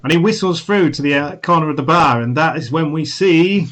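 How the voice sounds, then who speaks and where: A man's voice: on the high side, a little fast, very noisy. Casual man narrating at a game table. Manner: casual, relaxed with fillers. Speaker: tabletop role-play player.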